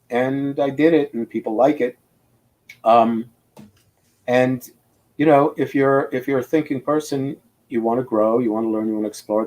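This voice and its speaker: An older man with a warm, mid-range voice, a comic book inker appearing as a guest, chats about his craft on a casual video call. He rambles, tells animated stories, and restarts sentences while thinking aloud.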